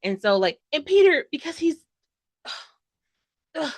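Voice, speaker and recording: A woman giving a casual book review, gushing and chatty, full of fillers, acting out characters' lines with sudden loud outbursts. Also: high voice, very animated, slow pace, no room sound. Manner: dramatic quoted voices and sudden loud outbursts.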